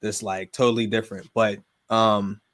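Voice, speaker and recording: A young man from Pittsburgh with a Pittsburgh accent, chatting casually as a podcast guest, slangy and relaxed, often trailing off quietly. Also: lowish voice, normal speed. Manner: relaxed, slangy, drifts quieter at phrase ends. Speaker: guest gamer and streamer.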